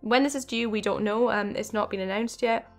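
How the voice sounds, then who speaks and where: Excited young woman gaming vlogger. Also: on the high side, brisk, soft background music. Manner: excited, rambling, with fillers. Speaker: gaming channel host. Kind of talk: casual video game commentary.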